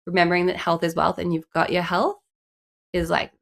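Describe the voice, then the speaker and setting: Gravelly-voiced woman with a stuffy nose. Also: lowish voice, little pitch movement, a little fast. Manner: chatty, frequent "like" fillers. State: stuffy, congested from a cold. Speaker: podcast co-host. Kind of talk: casual podcast chat.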